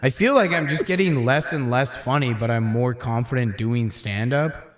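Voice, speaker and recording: A man's voice: medium pitch, moderate pace. A man co-hosting a casual late-night chat, rambling and self-deprecating, often trailing off mid-thought. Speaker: comedian co-host. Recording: echoey room.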